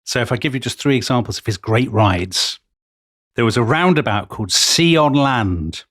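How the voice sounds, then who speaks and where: In storytelling history chat with a co-host, this man reads out old accounts with gusto. He speaks at normal speed in an animated, medium-pitched voice with a bit of brightness, recorded close and dry without any echo.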